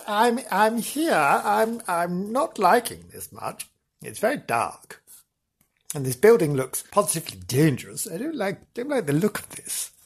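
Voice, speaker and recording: A man's voice: high-pitched, husky, pitched above the performer's own voice, exaggerated voice. A man putting on a jittery woman ghost hunter. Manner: stammering, hesitant. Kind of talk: comic podcast sketch.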